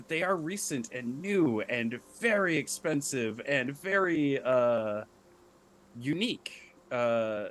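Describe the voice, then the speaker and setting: A man narrating as game master of a tabletop game, describing the scene in a measured way. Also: mid-range voice.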